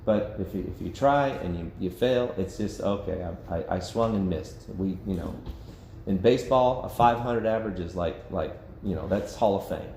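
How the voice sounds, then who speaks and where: A man's voice: low voice, moderate pace, darkish tone. A man leading a church Bible study in a casual, conversational way, acting out quotes and laughing often. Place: church meeting room. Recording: echoey room with faint background noise.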